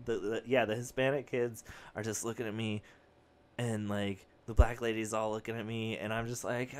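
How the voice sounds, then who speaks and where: A young man hosting a comedy podcast, rambling through a story and acting out the other people in it. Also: moderate pace. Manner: animated, acts out quoted voices with big pitch jumps. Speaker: podcast host. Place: home studio with a whiteboard.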